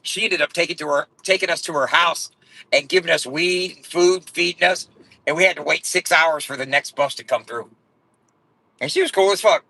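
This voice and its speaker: Gravelly, profane man telling stories. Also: a little high, normal speed, sharp tone, low-quality recording. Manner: profane, rambling, blunt, with restarts. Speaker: vlogger. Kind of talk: profane rambling storytelling.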